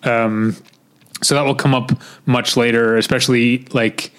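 A man with a Midwestern American accent co-hosts a casual podcast, rambling with lots of fillers and restarts. His mid-pitched voice is steady, clear and resonant, slightly bright, at a moderate pace.

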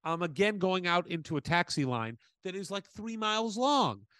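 A man co-hosting a podcast, chatting casually and telling animated stories with acted-out quotes. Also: high voice, moderate pace, no echo. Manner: animated storyteller, acts out quotes. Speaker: podcast co-host. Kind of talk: casual chat.

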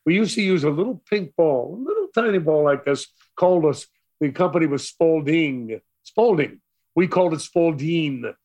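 An older man from Brooklyn with a New York accent, telling stories as an interview guest in a theatrical, animated way. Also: fairly high pitch, moderate pace. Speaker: radio DJ guest. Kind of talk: storytelling interview.

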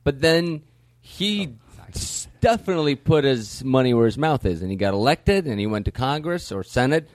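A man's voice: mid-range voice, expressive, normal speed, few pauses, dry recording, studio quality. A man talking in casual podcast chat, earnest and rambling, often restarting his sentences.

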